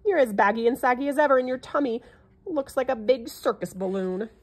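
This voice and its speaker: A woman's voice: on the high side, brisk, pitched above the performer's own voice, natural voice. Woman doing a screechy mocking parrot. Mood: jeering. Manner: screechy, teasing laughter. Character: saucy mocking male jungle parrot.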